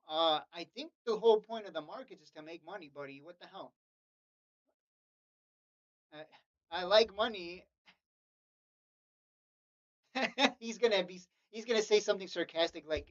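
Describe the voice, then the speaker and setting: A man's voice: sits high, animated, moderate pace, pauses often, darkish tone, highs cut off. A man streaming stock trading, casually going over charts and chat questions in a blunt, profane way, often laughing and repeating himself. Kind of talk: casual livestream commentary reading chat.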